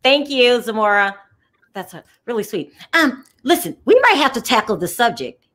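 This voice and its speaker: High-pitched woman host, keeps asking questions, chatty. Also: normal speed. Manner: questioning, lively. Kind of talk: casual chat.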